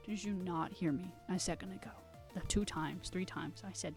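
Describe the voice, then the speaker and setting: A woman's voice: lowish voice, normal speed, faint music behind. Rambling young woman streamer, chatty. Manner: rambling, animated storytelling with acted-out quotes and laughter. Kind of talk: casual chat while painting on a live stream.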